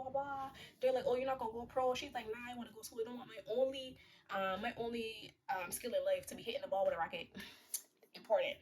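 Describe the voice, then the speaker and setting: Young woman vlogger, casual slangy movie recap, joking asides, mid-pitched voice.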